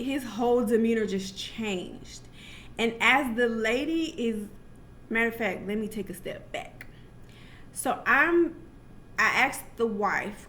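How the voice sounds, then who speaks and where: A woman's voice: a little high, slight background noise. Chatty young woman telling a story. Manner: chatty and animated, full of asides and restarts. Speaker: vlogger. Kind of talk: casual personal storytelling.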